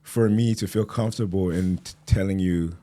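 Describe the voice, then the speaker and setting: A man with a deep, mellow voice hosts a relaxed podcast conversation. He talks loosely in slang and livens up when he acts out what other people say. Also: moderate pace. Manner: laid-back, slangy, animated when quoting people. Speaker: podcast host. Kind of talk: casual interview chat.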